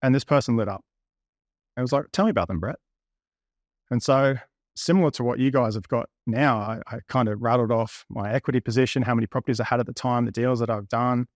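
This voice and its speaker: A man's voice: medium pitch, fairly even intonation, quick pace, no echo, studio quality. A man in his thirties, a property investor, candidly recounting past conversations at length in an interview. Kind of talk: interview storytelling.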